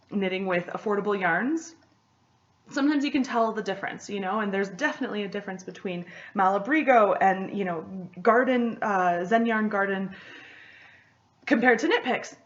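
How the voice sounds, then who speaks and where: A young woman hosting a knitting podcast in casual chat, excitable and rambling, often laughing between thoughts. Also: medium pitch, normal speed, dull audio.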